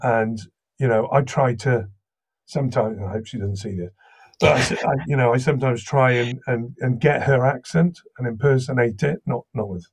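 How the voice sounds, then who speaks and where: A man with a slight Welsh accent, from Wales, chatting casually as a guest voice actor and telling lively anecdotes. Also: medium pitch, moderate pace, slightly rough. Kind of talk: casual interview chat.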